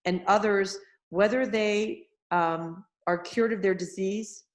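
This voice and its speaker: A woman's voice: medium pitch, steady tone, slow. A woman doctor as a guest, earnestly explaining her view with frequent restarts. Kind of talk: conversational interview.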